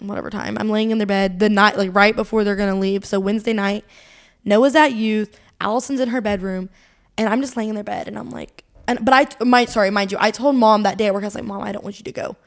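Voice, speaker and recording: A woman's voice: mid-range voice, steady tone, fast. A young woman, co-hosting a podcast and telling a long personal story in rambling, casual chat full of fillers and laughs. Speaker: podcast co-host.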